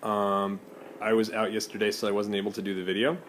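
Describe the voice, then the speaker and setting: Teacher, male, somewhat low pitch, patient and halting, explains words step by step for language learners. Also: little pitch movement, a bit bright, a little hiss or hum. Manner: explains slowly with many ums and Spanish glosses. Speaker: English teacher. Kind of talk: vocabulary lesson video.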